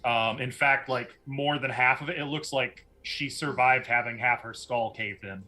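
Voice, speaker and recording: A bright-toned man runs a tabletop game. He describes scenes and explains rules in quick bursts. His delivery is steady, with a crisp edge. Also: mid-range voice. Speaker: game master.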